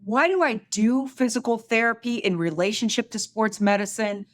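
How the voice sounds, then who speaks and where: A woman's voice: fairly high pitch, moderate pace, dry recording, studio quality. A woman hosting a medical podcast, cheerful and smiling as she talks, interviewing a guest in a casual chat. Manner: cheerful, smiling, laughing easily. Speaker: podcast host.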